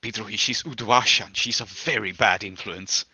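A man's voice: fairly low pitch, moderate pace, sharp tone, breathy edge, dry recording, heavily acted. A man voicing a stern, proud middle-aged mother who talks in a clipped, disapproving way. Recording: dull dry lo-fi recording.

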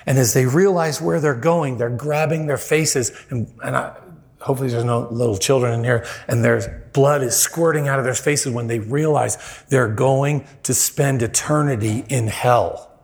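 A man preaching a sermon in a church, telling stories animatedly and jumping higher in pitch when he quotes people. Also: normal speed, creaky. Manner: animated storyteller, voice jumps high when quoting people. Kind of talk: sermon with storytelling.

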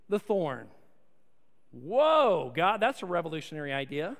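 A man preaching a sermon as pastor, swinging from soft, intimate lines to loud, emphatic ones. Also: fairly high pitch, sing-song, a little slow, gravelly. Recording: long hall reverb.

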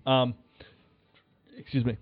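A man telling a rambling, animated story in casual chat, acting out his own shouts. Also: slow pace, no room sound, faint music behind. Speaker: podcast guest. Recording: tinny phone line, dry.

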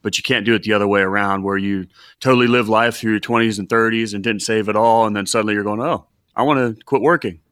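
Earnest low-voiced man in his forties. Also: level tone, a bit bright, smooth, dry recording, studio quality. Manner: earnest, reflective, halting restarts. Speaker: financial advisor, podcast host. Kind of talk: casual podcast chat.

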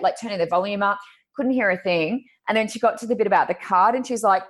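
Animated woman telling a funny story. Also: medium pitch, quick pace. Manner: lively, laughing, mimics others' voices in quotes. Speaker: podcast guest. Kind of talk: casual chat, animated storytelling.

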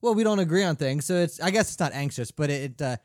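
Wry man, lively pitch, casual banter. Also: fast, no room sound, clean studio sound. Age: adult parent. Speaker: podcast co-host.

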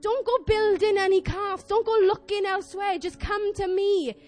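A young woman voicing God as a tender, fatherly male figure, calling people back in a gentle, coaxing, pleading way. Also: extremely high pitch, steady tone, moderate pace, faint music behind, pitched above the performer's own voice. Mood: pleading tenderly.

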